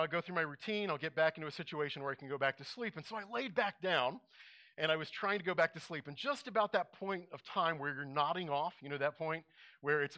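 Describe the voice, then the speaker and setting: A male pastor delivering a sermon, telling an animated story and acting out his own reactions. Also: on the high side, clean tone.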